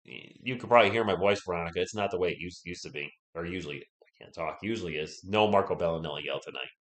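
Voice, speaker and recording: Hoarse young man calling a game live. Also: sits low, fast, echoey room. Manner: chatty, answers viewers, holds back from yelling. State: sore throat, sounds sick. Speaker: live stream play-by-play host. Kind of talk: casual live commentary and chat reading.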